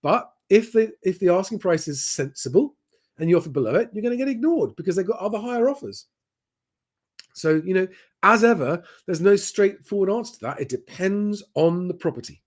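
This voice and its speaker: With a high, expressive voice and a fairly quick pace, this man runs a live property Q&A. He works through viewer comments one by one, answering in a plain, chatty style full of ums.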